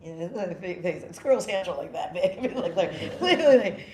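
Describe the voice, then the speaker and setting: A middle-aged woman from New York City giving an animated storytelling talk to a group, laughing and acting out lines. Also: fairly low pitch, brisk, background noise. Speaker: yoga teacher giving a spiritual talk. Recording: roomy room with faint ambience.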